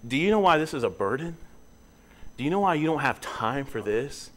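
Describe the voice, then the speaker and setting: A young man preaching in a church, earnest, his voice climbing high and loud when he presses a point. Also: big pitch swings, normal speed. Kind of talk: sermon. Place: church sanctuary.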